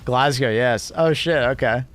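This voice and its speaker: A young man live-streaming and chatting casually with viewers, rambling with lots of fillers and quick laughs. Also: medium pitch, a bit bright.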